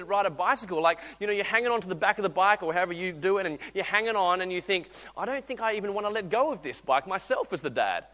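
A man, preaching a sermon, telling stories animatedly and acting out voices, with frequent restarts. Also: high voice. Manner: animated storytelling, acts out voices, restarts often. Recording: long hall reverb.

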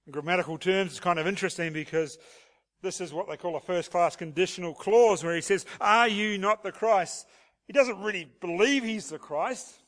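High-voiced man preaching a sermon. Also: fairly quick. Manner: expository preaching with rhetorical questions. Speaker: pastor.

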